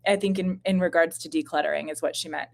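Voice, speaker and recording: A woman's voice: sits low, steady tone, fast talker, vocal fry, a little mellow. A woman in her thirties hosting a casual live stream from home, chatty and self-deprecating, rambling with fillers and a bit stuffy from postnasal drip. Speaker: YouTube channel host. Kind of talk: casual live-stream chat reading viewer questions.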